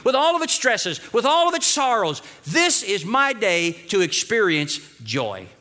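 A man preaching a lively sermon as pastor, urging the congregation to repeat phrases after him. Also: high voice.

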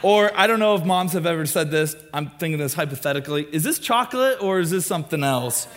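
Animated young man preaching. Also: a little high, quick pace, slight background noise. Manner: animated, acts out quoted questions in raised voices. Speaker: student ministry pastor. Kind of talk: sermon.

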